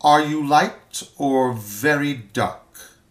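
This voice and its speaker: A man voicing a curt, impersonal landlady on the phone, with sharp, clipped questions. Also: a little high, extremely slow, recorded from a distance, voice pushed up. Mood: probing. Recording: roomy echo.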